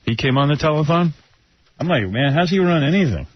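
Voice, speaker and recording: A man's voice: a little high, expressive, brisk, a little hiss or hum. A male radio host in crude, joking casual chat. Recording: muffled radio broadcast.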